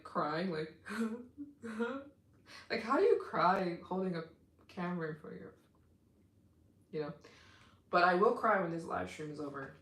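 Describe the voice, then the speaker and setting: A woman hosting a casual live stream as a travel vlogger, talking to her viewers in an effusive, excitable way with lots of "like.". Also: fairly low pitch, reverberant. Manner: effusive and excitable, heavy use of "like".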